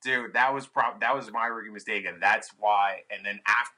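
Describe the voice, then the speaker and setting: A man's voice: lowish voice, steady tone, normal speed, background noise. A young man, a guest on a podcast, telling a tour story in casual, profane chat and acting out his own past lines. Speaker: podcast guest, touring musician.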